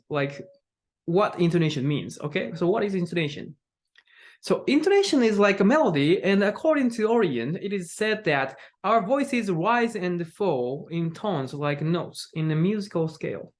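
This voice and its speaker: Slow, filler-heavy English teacher. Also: medium pitch. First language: Japanese. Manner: frequent "like" and "right?" fillers, demonstrates example phrases. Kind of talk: online lesson on intonation.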